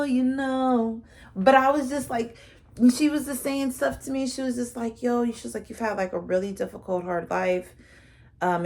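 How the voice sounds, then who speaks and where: A woman telling a personal story straight to her viewers, rambling and earnest, full of fillers like "like" and "you know". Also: fairly low pitch. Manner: earnest, heartfelt and a little emotional. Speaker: tarot reader sharing a personal story.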